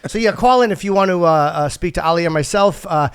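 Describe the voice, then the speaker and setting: Middle-aged guy hosting a talk show, kinda highish voice, dry self-mocking jokes, dead dry room. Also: fast talker, smooth, no room sound. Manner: self-deprecating, dry jokey delivery. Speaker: host. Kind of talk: casual talk show chat.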